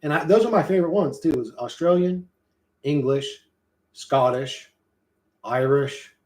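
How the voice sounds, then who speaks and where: A man's voice: on the high side, a little slow, darkish tone. Man with a roomy echo, swearing casually. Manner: rambling, profane, slangy. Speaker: streamer reading and answering chat. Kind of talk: casual livestream chat.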